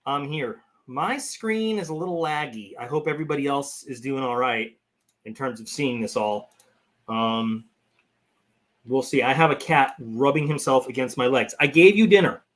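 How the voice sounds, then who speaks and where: A man's voice: mid-range voice, normal speed. A man hosting a casual live stream, chatting loosely to his viewers and rambling between topics. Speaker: channel host.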